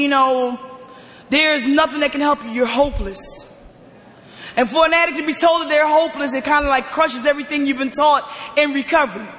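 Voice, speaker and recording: An emphatic woman tells her own story to a recovery meeting. Her forceful voice often rises close to a shout. The sound carries long reverb, as if from a large hall. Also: sits high. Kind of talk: personal testimony share.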